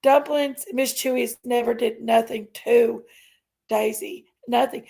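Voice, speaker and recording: A woman's voice: a little high, fairly even intonation, measured pace, vocal fry, warm tone, husky. A woman hosting a casual livestream, ranting indignantly and emphatically while reading chat aloud. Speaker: live stream host.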